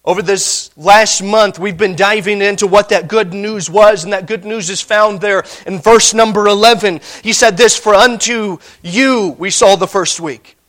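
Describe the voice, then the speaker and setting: Man, very high voice, sermon, emphatic, animated preacher. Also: moderate pace, few pauses. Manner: animated, emphatic, frequent restarts and rhetorical "all right?". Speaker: pastor.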